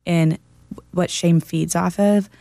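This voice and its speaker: Gravelly-voiced woman telling a story. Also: fairly low pitch, steady tone, takes it slowly, mellow, no echo. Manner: earnest storytelling. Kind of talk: casual chat.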